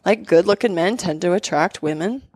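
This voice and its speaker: A woman's voice: lowish voice, moderate pace, no echo. A woman who trained as a doctor, telling stories in a casual podcast chat, full of "like" fillers. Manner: animated storyteller, many "like" fillers.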